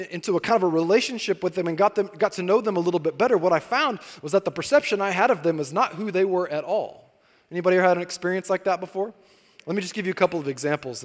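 A man in his thirties preaches in a relaxed, conversational way and turns to his listeners with quick asides. His voice sits a little high for a man. It rings through the long reverb of a large sanctuary. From Arkansas, raised in California. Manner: conversational storytelling with asides to the congregation. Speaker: pastor. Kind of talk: sermon.

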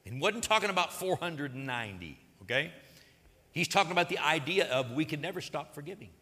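A man's voice: fairly high pitch, animated, fairly quick, sharp tone, in a large hall. A man preaching a sermon as pastor, earnest and plain-spoken, retelling a parable.

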